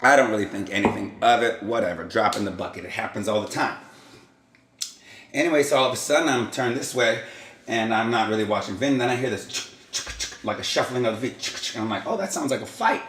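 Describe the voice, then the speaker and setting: A man's voice: fairly low pitch, quick pace, a bit bright, echoey room. A man hosting his own vlog, casually telling a rambling story and acting out quotes and sound effects. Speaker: vlog host.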